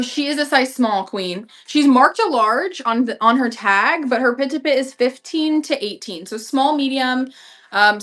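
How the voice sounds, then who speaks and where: A woman's voice: fairly high pitch, fairly bright tone. A young woman with a chatty, gushing manner, full of slang and fillers, selling clothes on a live stream.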